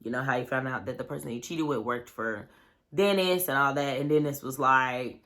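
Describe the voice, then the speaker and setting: A woman vlogger tells a reality-show story in a rambling, casual way. Her voice sits low but sounds bright and punchy. She fills it with "like" and "you know what I'm saying". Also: normal speed.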